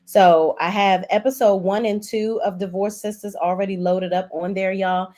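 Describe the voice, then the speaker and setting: A woman in her forties hosting a casual livestream, recapping a drama episode and speaking directly to viewers in a chatty, animated way. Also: mid-range voice, moderate pace. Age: 40s. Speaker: host. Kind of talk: casual livestream show review.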